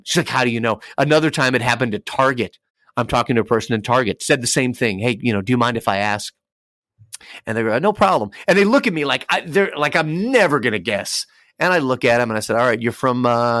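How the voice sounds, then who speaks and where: Male radio DJ as interview guest: animated storyteller, mid-pitched, dry close sound. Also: quick pace, dry recording. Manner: animated storyteller acting out dialogue. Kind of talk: casual podcast interview.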